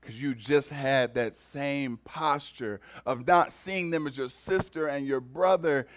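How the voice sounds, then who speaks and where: A man's voice: mid-range voice, measured pace. A man preaching a sermon to his congregation, talking in a conversational way and repeating words for emphasis. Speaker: pastor.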